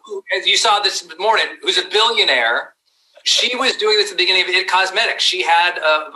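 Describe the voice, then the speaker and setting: Guy on a panel giving business tips, high bright voice, emphatic. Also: brisk, slight background noise, rough recording. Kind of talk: motivational business talk.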